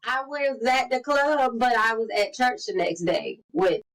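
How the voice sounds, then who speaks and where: A woman in her forties co-hosting a podcast, telling stories in lively casual chat and acting out the quotes. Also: a little high, a little slow, poor audio. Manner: animated storyteller, acts out quotes. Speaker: podcast co-host.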